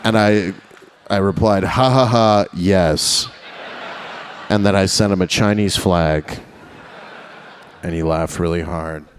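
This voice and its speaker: This young stand-up comic speaks in a deep, level voice, a little slowly and with long pauses, over a faint hiss or hum. On a live stage he's brash and profane, engaging the audience and chuckling at his own jokes.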